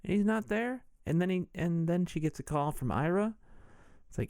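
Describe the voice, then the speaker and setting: A man's voice: sits high, lively intonation, moderate pace, darkish tone, smooth, no echo, studio quality. A man hosting a podcast, recapping a movie casually with irreverent jokes and swearing. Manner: irreverent, jokey, swears freely. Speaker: podcast host.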